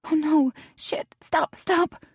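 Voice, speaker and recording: A woman's voice: on the high side, lively intonation, normal speed, vocal fry, a little mellow, no room sound, studio quality, pitched above the performer's own voice. A woman voicing a flustered, eager young woman in her thirties who stammers and sounds breathless. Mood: panicked. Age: 30s.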